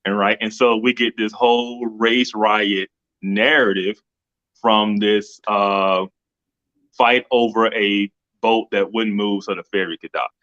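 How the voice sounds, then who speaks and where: A man's voice: lowish voice, level tone, takes it slowly, a bit bright, highs cut off. Man telling a story on a video call. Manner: rambling storyteller with restarts. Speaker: co-host. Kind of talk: casual livestream discussion.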